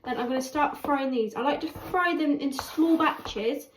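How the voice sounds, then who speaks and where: Girl rambling on while cooking, high voice, echoey kitchen with noise behind. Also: moderate pace. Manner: chatty, rambling, self-mocking. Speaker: cooking vlogger. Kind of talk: casual cooking chat. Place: home kitchen.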